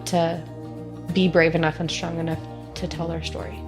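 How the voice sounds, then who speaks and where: A woman's voice: low voice, flat delivery, moderate pace, over music. Proud mother speaking heartfelt. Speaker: mother of guests. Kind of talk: interview answer.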